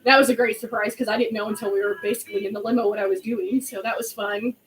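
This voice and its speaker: A woman's voice: mid-range voice, fairly even intonation, fast, slight background noise, poor audio. A woman in her late twenties telling a story in a rambling, chatty way, full of "like". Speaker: vlog host. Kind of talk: casual storytelling chat.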